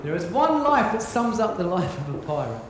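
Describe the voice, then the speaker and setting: On a theatre stage, a man plays a boisterous old-time pirate captain, singing and reciting rhyming verse to a live audience in an earnest recital. His voice is high, sing-song, and a little fast. The live theatre is echoey, with music and a noisy background.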